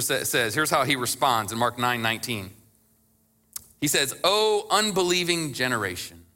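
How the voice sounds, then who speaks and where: A male pastor preaching with a very bright, ringing tone and a fairly high voice. He talks in a conversational way, lowers his voice to act out scripture quotes, and builds to passionate emphasis. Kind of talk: sermon.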